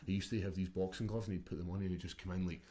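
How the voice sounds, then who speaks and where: A Scottish man chatting as a podcast guest, telling stories in an animated way, with plenty of swearing and laughter. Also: deep voice, very fast. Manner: animated, swearing storyteller who laughs often. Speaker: guest, mixed martial arts fighter. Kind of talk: casual chat.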